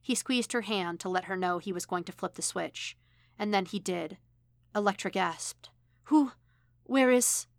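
A woman reads a story aloud in a steady, even manner. Her voice sits low with a gravelly fry, recorded close and dry. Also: moderate pace, no echo. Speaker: podfic reader. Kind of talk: storytelling narration.

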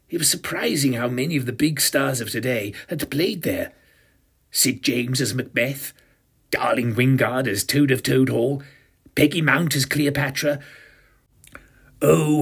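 A man's voice: mid-range voice, vocal fry, a bit bright, slightly rough. A man in his fifties narrating a first-person audio drama with a pompous, self-satisfied, arch manner. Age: 50s.

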